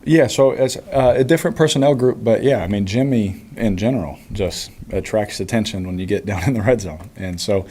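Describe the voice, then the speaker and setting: Man, 30s, press conference athlete, relaxed, chuckling, lots of fillers, warm, low-pitched. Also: brisk, hardly any pauses, slight background noise. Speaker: quarterback at a postgame press conference. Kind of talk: postgame press conference answers.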